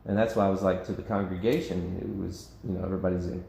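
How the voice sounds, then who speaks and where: Low-voiced man leading a casual Bible study. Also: racing, creaky, hardly any pauses, dark tone, roomy sound, slight background noise. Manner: conversational, self-interrupting, laughs often. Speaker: pastor. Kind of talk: informal Bible study discussion. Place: church meeting room.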